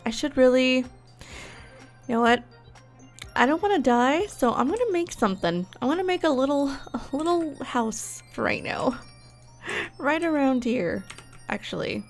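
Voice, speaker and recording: Young woman, high voice, unhurried, bubbly and easily excited, gameplay commentary, faint music behind. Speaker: gaming YouTuber.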